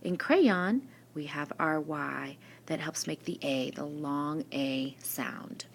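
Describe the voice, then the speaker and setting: A woman's voice: deep voice, creaky. A woman teacher giving a recorded spelling lesson, patiently asking questions and answering them herself. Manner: slow, patient, asks and answers her own questions. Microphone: screen-recording mic.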